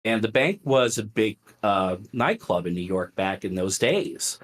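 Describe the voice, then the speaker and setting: A man's voice: lowish voice, a little slow. A middle-aged man, a podcast guest, telling stories in a casual, conversational way with plenty of fillers. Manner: animated, filler-heavy, conversational. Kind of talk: casual storytelling.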